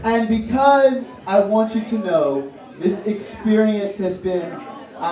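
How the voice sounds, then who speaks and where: A man's voice: high voice, slow. A man co-hosting a live poetry night, joking with silly wordplay and rallying the audience in a bar venue. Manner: playful, silly wordplay, hyping the crowd. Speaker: poetry show co-host. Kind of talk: live hosting and playful rhyming. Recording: echoey room from a distant mic with loud crowd.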